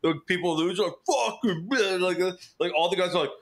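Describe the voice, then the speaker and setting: A man's voice: sits high, little pitch movement, fast. A man in casual podcast chat, dry and sweary, laughing through his stories.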